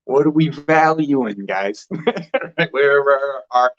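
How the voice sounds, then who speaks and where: Man host musing aloud in a loose, rambling way; mid-pitched, slightly dull recording. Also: expressive, slow, fairly bright tone. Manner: loose and rambling, with frequent restarts and laughs. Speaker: spiritual vlogger host. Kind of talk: rambling casual monologue.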